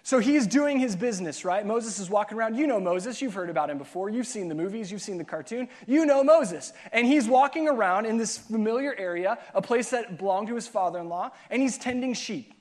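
A man's voice: sits high, expressive, fairly quick, few pauses. A man who is a youth pastor, preaching and telling a funny camp story with self-mocking asides and acted-out voices.

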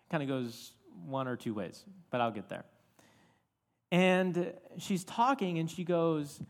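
Chatty young man preaching in a hall. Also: fairly high pitch. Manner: animated, chatty with many fillers. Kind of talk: storytelling sermon. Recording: reverberant hall.

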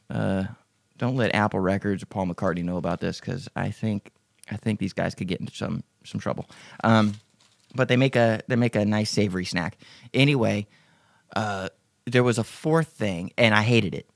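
A man's voice: lowish voice, creaky, no echo. A man hosting a casual live Q&A podcast, talking in a profane, rambling, joking way. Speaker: podcast host.

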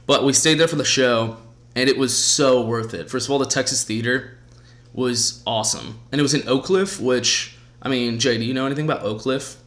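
A man hosting a podcast, telling a story in casual chat with lively, profane energy. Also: mid-range voice, brisk. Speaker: podcast host.

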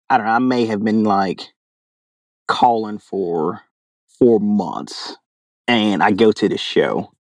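Laughing as he goes, a drawling young animal caller from Louisiana tells a story as an interview guest and impersonates the people in it. His voice is fairly low, close-miked and dry without room sound.

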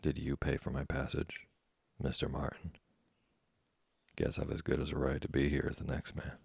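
A man's voice: a bass voice, monotone, moderate pace, creaky, darkish tone, slightly rough, no room sound, studio quality, full character voice. A man reading a cocky young American boy. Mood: brash. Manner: cocky, slangy bragging. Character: brash boastful American teenage boy.

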